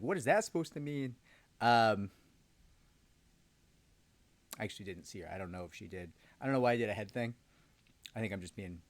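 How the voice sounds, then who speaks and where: A man's voice: lowish voice, no echo. A man who hosts a legal channel, telling a story casually with rambling, sarcastic asides and frequent ums. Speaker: lawyer host.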